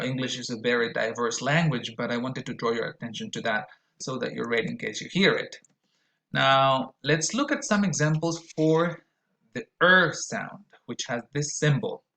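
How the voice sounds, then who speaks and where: A man's voice: mid-range voice, a bit bright, rough recording. Man teaching pronunciation. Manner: explains slowly, models words with careful exaggerated vowels. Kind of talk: recorded lesson.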